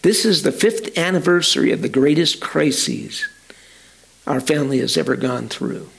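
A man's voice: fairly high pitch, animated, moderate pace, gravelly, fairly bright tone, slightly rough, full character voice. A man voicing a grateful farmer who cheerfully addresses his family. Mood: joyful. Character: joyful grateful male farmer, a father.

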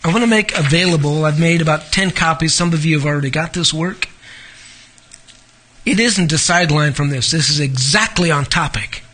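A male preacher with a high, forceful voice works through a passage of scripture. He stops often to comment and asks his congregation pointed rhetorical questions. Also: moderate pace, husky. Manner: reads scripture aloud and comments in between. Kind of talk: expository sermon.

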